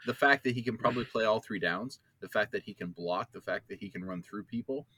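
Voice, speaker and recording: A man's voice: lowish voice, a little fast, dry recording. Male co-host, casual sports banter, dry close sound, sarcastic edge. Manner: playfully sarcastic, excitable. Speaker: podcast co-host.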